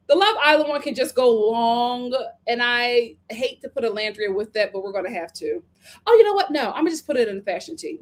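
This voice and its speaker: Chatty high-voiced woman streamer. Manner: animated and chatty, with playful exaggeration. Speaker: live-stream host reading viewer comments. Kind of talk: casual live-stream chat.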